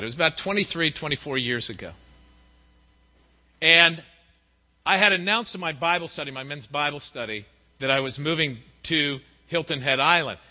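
Middle-aged male preacher, high-pitched and expressive; muffled sound with long hall reverb. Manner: lively, acts out quoted voices. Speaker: pastor. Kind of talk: sermon. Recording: dull recording in a reverberant hall.

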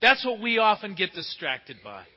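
A man preaching a sermon emphatically, asking rhetorical questions and swinging between loud and hushed delivery. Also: sits high, wildly swooping pitch, moderate pace. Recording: muffled with long hall reverb.

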